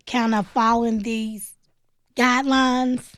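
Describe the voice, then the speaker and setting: A nonprofit founder appears as a guest on a radio interview, telling her own story in a plainspoken, animated way and acting out the voices she quotes. Her voice is a little high and unhurried, with long pauses, on a dry recording.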